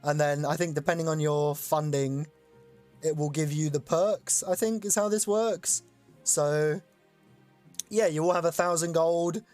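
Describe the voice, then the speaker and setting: Hyped streamer running a chat game, swears a lot, some quiet music behind. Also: mid-range voice, unhurried. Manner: excitable, loose, swears casually. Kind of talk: casual live-stream chat.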